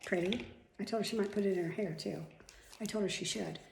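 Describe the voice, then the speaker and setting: A woman's voice: medium pitch, fast talker, vocal fry, a little mellow, a little hiss or hum. Rambling, chatty middle-aged woman in an echoey room. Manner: rambling, chatty, with frequent asides and swearing. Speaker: vlogger. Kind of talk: casual chat to camera. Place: at home.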